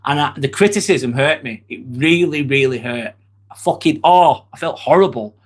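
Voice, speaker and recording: A man's voice: medium pitch, expressive, normal speed. A man, hosting a casual live stream, talking bluntly and candidly while answering chat comments. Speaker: livestream host.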